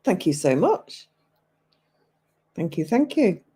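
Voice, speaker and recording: Low-voiced, slow-talking English woman. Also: very animated, mellow, breathy edge. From England. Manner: chatty, answers live chat comments aloud, laughs often. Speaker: livestream host. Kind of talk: casual chat with viewers.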